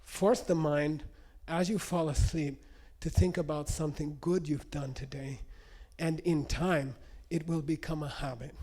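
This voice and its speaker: A man teaching meditation to an audience, telling stories in an animated way and checking in with frequent questions. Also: on the high side, measured pace, hardly any pauses. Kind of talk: spoken teaching with anecdotes.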